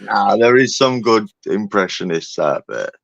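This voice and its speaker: Man, gravelly voice, laid-back guest, muffled dry sound. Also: on the low side, expressive, unhurried, a bit bright, no room sound. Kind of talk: casual chat.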